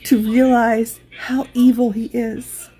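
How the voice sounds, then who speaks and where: A woman's voice: on the high side, level tone, takes it slowly, dark tone, breathy edge. A woman speaking earnestly and emphatically about feeling hurt, in a personal vlog.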